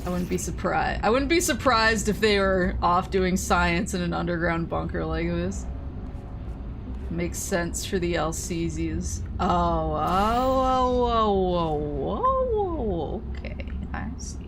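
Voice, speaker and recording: A woman's voice: on the low side, lively intonation, takes it slowly, background noise. A young woman streamer chatting casually while playing a game, telling rambling stories and laughing often.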